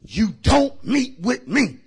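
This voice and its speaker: A pastor preaching a sermon in a church, shouting lines for the congregation to repeat and then dropping into quiet asides. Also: male voice, extremely high pitch, sing-song, slow pace, husky. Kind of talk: shouted call-and-response sermon. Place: church sanctuary.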